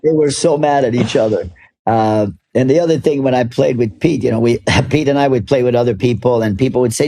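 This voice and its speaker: A man's voice: medium pitch, a little fast, warm tone. Older man telling rambling golf stories. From Canada. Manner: rambling, laughs often, many restarts. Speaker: golf club ambassador. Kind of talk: storytelling interview.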